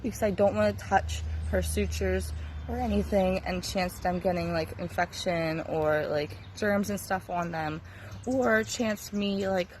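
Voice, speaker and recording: A woman's voice: lowish voice, slight background noise, low-quality recording. A young woman talking casually to camera about her sick dog, worried and rambling with many fillers and restarts. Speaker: pet owner vlogging her dog's recovery. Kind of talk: casual video diary. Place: at home, indoors then yard.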